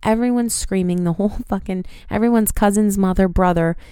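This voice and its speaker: A woman in her twenties hosts a podcast and tells a story in an animated, casual way, swearing freely. Her voice is smooth and clear. The recording is close and dry. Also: mid-range voice, fairly quick, dry recording. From United States. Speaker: podcast host.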